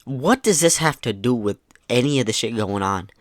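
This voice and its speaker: A man talking through online messages in an easygoing, sarcastic commentary, dropping casual swears and poking fun at them. His voice sits at an everyday middle pitch. The recording is close and dry, with no room sound. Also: lively intonation, normal speed, no room sound. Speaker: YouTube commentator.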